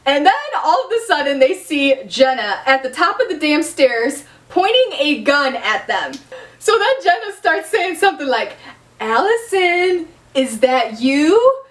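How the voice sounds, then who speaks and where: Excitable high-voiced young woman recapping. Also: far from the mic. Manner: excitable, laughs often, acts out scenes. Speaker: vlogger. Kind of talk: casual TV recap.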